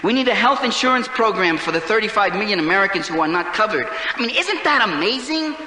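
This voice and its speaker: Man, political speech, very high sharp voice, roomy hall echo, insistent. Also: expressive, fairly quick. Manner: insistent, rhetorical questions. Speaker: speaker. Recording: roomy hall with long reverb.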